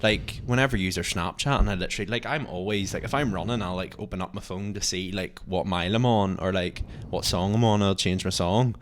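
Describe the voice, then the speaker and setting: A young man with a deep, low voice, co-hosting a podcast among friends. He talks in long, rambling runs, packing his sentences with "like" as he goes. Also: quick pace, hardly any pauses, a little hiss or hum. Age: young adult. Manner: rambling, heavy use of "like". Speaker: podcast co-host. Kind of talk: casual chat.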